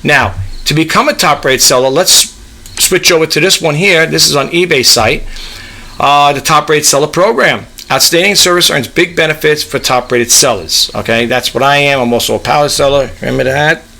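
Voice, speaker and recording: Gravelly rambling man reading out a website. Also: a little high, normal speed, sharp tone. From New York, US East Coast. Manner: rambling, repeats "okay?" and "you know". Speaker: eBay reseller vlogger. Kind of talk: casual screen-share walkthrough.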